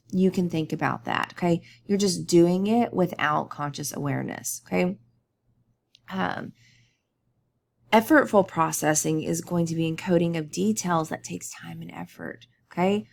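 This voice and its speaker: A woman's voice: fairly low pitch, creaky, slight background noise. A woman teacher giving a conversational recorded lecture over slides, often checking in with "okay?".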